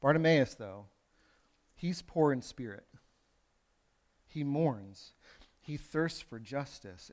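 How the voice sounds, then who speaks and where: A pastor delivering a sermon in a conversational way, moving from loud emphasis to hushed lines, with playful asides to the congregation. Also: male voice, mid-range voice. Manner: conversational preaching with wide swings from loud to hushed.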